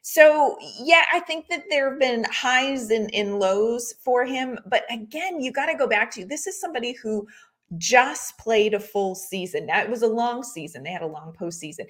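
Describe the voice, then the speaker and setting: A woman's voice: a little high, expressive, moderate pace, fairly bright tone. Enthusiastic female podcast co-host. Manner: enthusiastic, gushing, with fillers like "you know". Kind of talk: casual sports podcast chat.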